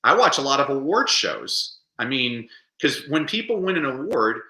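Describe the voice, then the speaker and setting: A man being interviewed on a podcast, telling animated stories and acting out the quotes. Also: mid-range voice, moderate pace, echoey room, poor audio. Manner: animated storyteller, acts out quotes. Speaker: guest speaker.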